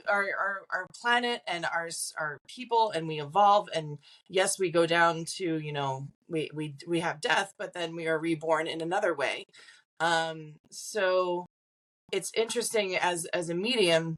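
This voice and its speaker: Chatty low-voiced woman medium. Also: normal speed, a bit bright. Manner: chatty, acts out quoted voices, frequent "like" fillers; laughs between points. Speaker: psychic medium guest. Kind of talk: casual podcast interview.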